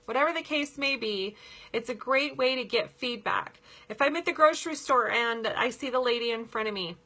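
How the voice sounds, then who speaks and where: A woman's voice: a little high, normal speed, pushed and bright. A woman giving a casual coaching talk as a sales team leader. She sounds upbeat and chatty, laughs often and uses many fillers.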